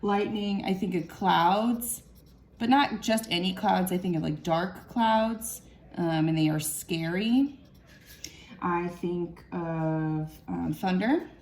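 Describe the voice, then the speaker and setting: A young woman teacher talks to young children in a recorded class lesson. She speaks patiently and slowly, sounding out each word and clapping the syllables. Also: on the low side, darkish tone.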